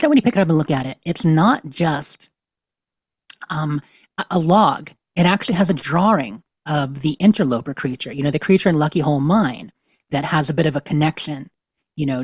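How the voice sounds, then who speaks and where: A woman's voice: low-pitched, darkish tone, husky, no room sound. A woman hosting a podcast in casual, rambling chat with many fillers, at times reading game notes aloud. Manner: rambling, lots of "you know" fillers. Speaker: podcast host. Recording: slightly dull, dry lo-fi sound.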